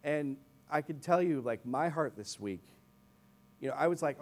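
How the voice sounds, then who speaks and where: Young male pastor, conversational sermon delivery, animated storyteller, mid-range voice. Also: medium pitch, moderate pace. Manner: animated storytelling with asides to the congregation. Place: church in Chicago.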